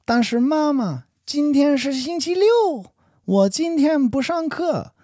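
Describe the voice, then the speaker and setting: A man voicing a young son in a practice dialogue, reading his lines in a high, emotional, childlike way. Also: lively intonation, slow, mellow, no room sound, studio quality, exaggerated voice. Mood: pleading. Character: young son whining about waking up early.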